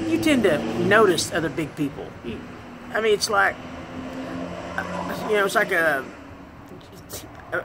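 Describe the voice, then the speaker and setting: A woman vlogger telling a comic personal story, animated and self-deprecating, laughing as she goes. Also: medium pitch, background noise.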